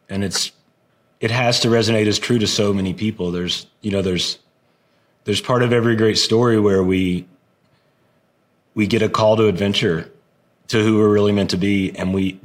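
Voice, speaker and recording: A man hosting a podcast, quietly affirming his guest and reflecting on her story. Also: on the low side, normal speed. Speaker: podcast host. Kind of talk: interview.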